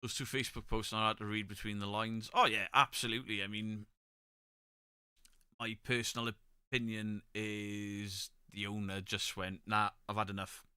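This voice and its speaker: A man's voice: on the low side, steady tone, moderate pace, sharp tone, smooth, no echo, clean studio sound. A man hosting a casual live stream, reading viewer comments and giving blunt, opinionated takes with the odd swear. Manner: chatty, opinionated, swears freely. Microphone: desk microphone, pulled close.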